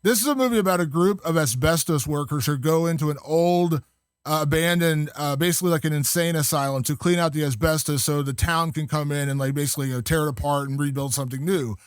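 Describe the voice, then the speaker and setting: A man's voice: a little high, fast talker, clean tone, no echo, clean studio sound. A man chatting casually as a podcast guest, enthusiastic and rambling, with many fillers. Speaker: guest film critic.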